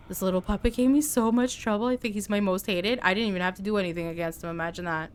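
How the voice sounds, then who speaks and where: A woman streaming a game live, chatting excitably with her viewers as she plays. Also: medium pitch, fast, few pauses, slight background noise. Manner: excitable, chatty, talks to chat. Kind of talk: live gameplay commentary.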